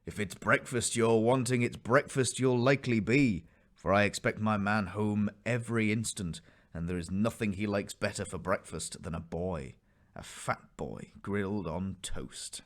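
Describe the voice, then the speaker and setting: A man voicing an ogre's brisk, bossy but kindly wife in a storybook reading. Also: on the low side, close to an everyday voice.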